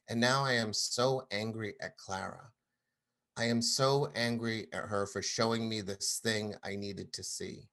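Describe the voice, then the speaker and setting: A man in his thirties telling a personal story to an audience, animated and acting out the people he quotes. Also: lowish voice. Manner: animated, acts out quoted voices.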